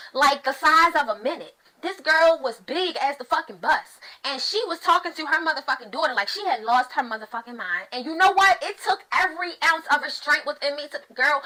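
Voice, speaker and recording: A woman rants to camera in a bright, sharp voice. She is blunt and profane and hammers her points by repeating them. Her pitch sits high. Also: poor audio. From United States. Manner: blunt, profane, emphatic, repeats phrases for emphasis. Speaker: mother of two, online host. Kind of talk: ranting commentary to camera.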